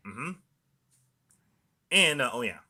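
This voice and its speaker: Young man, very bright tone, lively pitch, meandering monologue full of verbal tics. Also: slow pace, husky. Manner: repetitive, punctuated by "mm-hmm" and "and also". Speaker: video diarist. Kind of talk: rambling monologue.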